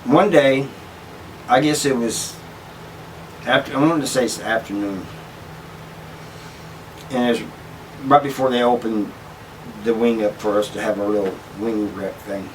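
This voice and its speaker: A man's voice: medium pitch, a little slow, pauses often, recorded from a distance, a little hiss or hum, poor audio. A man hosting his own channel, casually telling a story with many restarts and asides. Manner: rambling, with frequent restarts and "you know" asides. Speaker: channel host telling prison stories.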